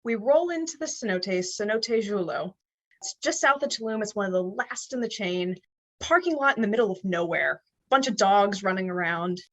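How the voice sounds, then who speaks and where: A young woman from the US Northeast, a podcast guest telling a story in an animated way and acting out the quoted dialogue. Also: mid-range voice, moderate pace. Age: young adult. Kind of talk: storytelling in an interview.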